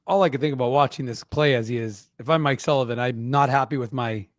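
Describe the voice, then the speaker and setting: A man's voice: mid-range voice, fast talker, dry recording, clean studio sound. A man co-hosting a casual hockey post-game show, bluntly critiquing defensive play and laughing easily.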